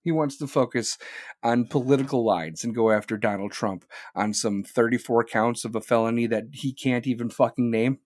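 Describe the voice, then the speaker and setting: A man's voice: mid-range voice, normal speed, a little mellow, dry recording, clean studio sound. A man hosting a live podcast, ranting in a heated, profane way and firing off rhetorical questions. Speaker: podcast host.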